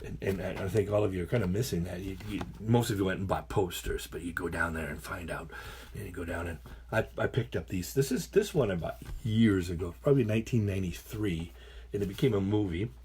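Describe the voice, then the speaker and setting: A man's voice: sits low, fairly quick, a little mellow, husky. A middle-aged man, a teacher, reading picture books aloud to his class with playful, chatty asides.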